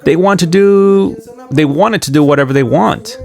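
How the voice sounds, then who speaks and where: A man retelling a migrant's journey in the first person, in an animated storytelling manner where his pitch jumps up on the excited parts. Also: normal speed, gravelly. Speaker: commentary channel host.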